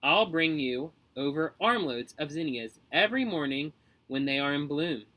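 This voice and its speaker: A man's voice: fairly high pitch, animated, moderate pace, sharp tone, poor audio. A man doing a gushing, doting mother. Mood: cheerful. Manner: gushing, coddling. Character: doting, fussy suburban mother.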